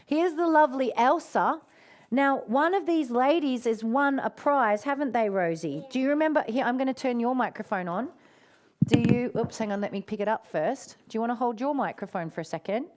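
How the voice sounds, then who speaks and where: A woman with a fairly high voice hosting a live stream from home. She talks to her viewers in an effusive, encouraging way, calls them darling, and breaks into gasps and cheers. The sound is a plain webcam-style mic. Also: lively intonation, moderate pace, darkish tone. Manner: affectionate, calls people darling. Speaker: host of a live lunchtime online session.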